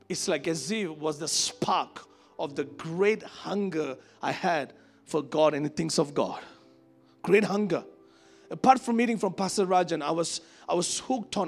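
A man from Asia preaching a sermon to a congregation, telling a personal story in an animated, conversational way. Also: high voice. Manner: animated, conversational, acts out quoted voices. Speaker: pastor. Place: church service before a congregation.

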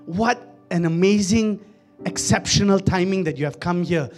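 A chatty horse seller making a sales pitch, as a pastor puts him on in a joke. He speaks in a matter-of-fact, salesy way with a fairly high voice. There is little change from the storyteller's own voice. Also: moderate pace, a little mellow, faint music behind, natural voice.

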